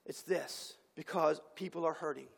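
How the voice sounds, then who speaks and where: A man preaching a sermon as pastor in a church sanctuary, with impassioned delivery and dramatic pauses. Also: on the high side, vocal fry, slightly rough. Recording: long hall reverb.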